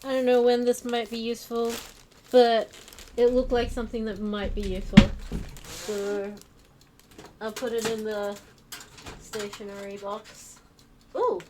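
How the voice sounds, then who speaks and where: Woman streamer, chatty and self-mocking, fairly high voice, faint room noise behind, casual home stream. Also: little pitch movement, measured pace, pauses often. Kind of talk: casual chat while unpacking on stream.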